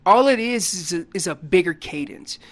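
A man on a radio show explaining elk calls in a folksy, animated way, acting out what the animals are saying. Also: sits high, moderate pace. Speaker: elk calling guest expert. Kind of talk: casual radio interview explanation. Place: radio studio.

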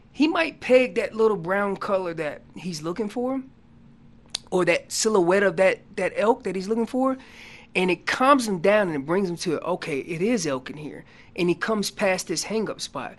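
A man guest on a radio talk show, explaining elk calling in an animated storytelling way that gets loud on key points. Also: sits high, moderate pace. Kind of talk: casual radio interview.

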